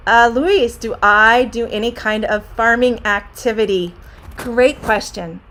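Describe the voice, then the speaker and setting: Slow, clear woman teacher. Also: mid-range voice. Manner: slow, warm, clear teacher talk, greeting viewers by name. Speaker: English teacher. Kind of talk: live online Q&A lesson. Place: home classroom.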